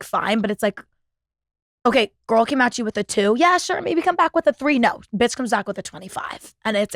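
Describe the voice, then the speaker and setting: A woman's voice: mid-range voice, fairly bright tone, no room sound. A young woman in her twenties chats through a story on her podcast. She swears freely and fills her talk with "like", and her voice is close and dry with no room sound. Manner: chatty, profane, full of "like" fillers. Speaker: podcast host. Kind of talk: casual storytelling monologue.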